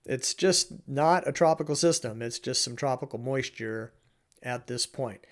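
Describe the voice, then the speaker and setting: Male weather presenter, relaxed and chatty, mid-range voice, talks through maps with offhand asides. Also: medium pitch, unhurried. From Oregon, USA. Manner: chatty and informal, with asides, chuckles and restarts. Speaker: weather forecaster. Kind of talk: casual weather forecast talk.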